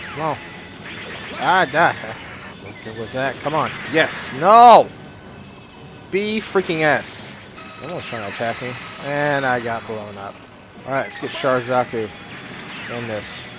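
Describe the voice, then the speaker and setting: A man giving rambling, jokey gameplay commentary, with sudden loud bursts of excitement. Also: medium pitch, measured pace, long pauses. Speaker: gaming YouTuber. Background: game music.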